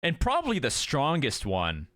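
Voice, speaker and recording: A man's voice: mid-range voice, wildly swooping pitch, normal speed, a bit bright, dry recording, studio quality. A young man streaming, chatting casually and reacting to a show as he watches, swearing freely and exclaiming at the screen.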